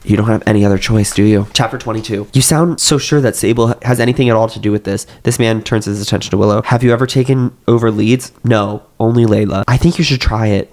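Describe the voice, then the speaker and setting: A young man reading a novel aloud, with slight voice shifts for the characters and joking asides. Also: on the low side.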